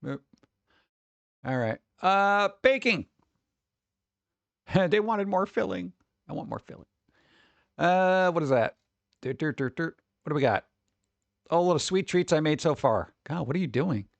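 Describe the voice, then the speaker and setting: Lively gravelly-voiced man rambling and joking. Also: a little high, dry recording, highs cut off. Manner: rambling, joking, puts on quick voices for bits. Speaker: streamer. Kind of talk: casual reaction chat.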